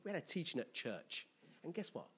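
A man preaches in a loose, conversational way, leaning into stories with animated impressions. His voice sits a little high and swings widely in pitch. He shifts easily from playful asides to earnest teaching. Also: fairly quick, slightly rough. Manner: storytelling with animated impressions and laughter. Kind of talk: conversational sermon.

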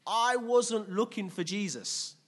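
A man preaching a sermon in a conversational, lively way, asking the congregation questions. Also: sits high, slow, breathy edge.

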